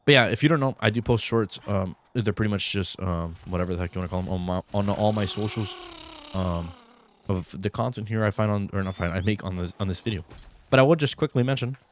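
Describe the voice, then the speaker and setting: A man's voice: fairly low pitch, brisk. A young man giving casual, rambling let's-play commentary with lots of fillers, still in his groggy morning voice. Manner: rambling, many fillers, easygoing. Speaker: gaming YouTuber.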